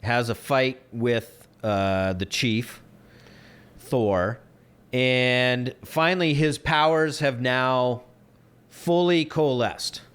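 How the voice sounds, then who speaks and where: A man's voice: mid-range voice, extremely slow, a bit bright, smooth. A man co-hosting a casual podcast, recapping a movie plot in an agreeable, easygoing way. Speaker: podcast co-host.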